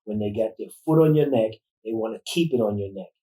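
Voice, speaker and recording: A woman's voice: extremely low pitch, animated, fast, mellow. A middle-aged woman talking earnestly in a casual discussion, often repeating her words as she makes a point. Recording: roomy, distant mic.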